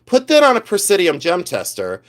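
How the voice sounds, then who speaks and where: A man's voice: high voice, wildly swooping pitch, a little fast. A man hosting a live stream, talking in a chatty, sassy way and putting rhetorical questions straight to his viewers. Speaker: livestream host sorting gemstones. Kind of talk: casual live-stream chat. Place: home room, on camera with a livestream.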